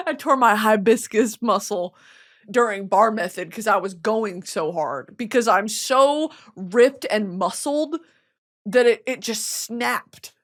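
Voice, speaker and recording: A young woman hosts her comedy podcast with a lively, bouncing voice that sits a bit high. She swears freely and swings from quiet mumbles to shrieking, laughing outbursts. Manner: animated, swearing, jumps to loud squealing outbursts. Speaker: podcast host.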